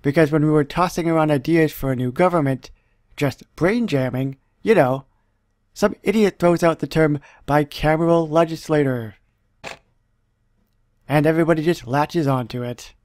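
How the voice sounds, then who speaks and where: A man's voice: on the high side, moderate pace, darkish tone, no room sound, close to an everyday voice. A man reading a cocky, slangy George Washington. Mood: ranting. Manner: slangy and cocky, reading game dialogue aloud. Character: brash, boastful George Washington, old male president.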